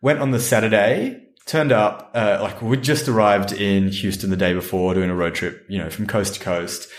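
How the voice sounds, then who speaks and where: Low-voiced Australian man telling a story. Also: normal speed. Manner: relaxed, rambling anecdotal. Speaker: podcast co-host. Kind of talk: casual chat, storytelling. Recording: roomy echo.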